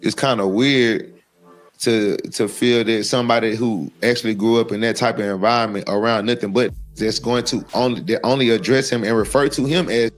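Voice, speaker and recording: A man's voice: mid-range voice, steady tone, normal speed. A man from Texas talking as an interview guest, heated and profane, rambling with frequent asides. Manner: heated, profane, rambling, often says "you know what I'm saying". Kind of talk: casual interview talk.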